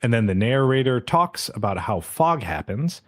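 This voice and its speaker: A man's voice: mid-range voice, very animated, normal speed. A man hosting a podcast, casually recapping an anime episode and acting out the characters' lines with frequent swearing.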